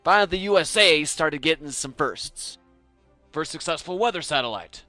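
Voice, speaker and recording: A man's voice: fairly high pitch, animated, normal speed, pushed and bright, soft background music. A young man narrating a scripted science lesson in a playful, jokey, theatrical way. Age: young adult. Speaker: science educator.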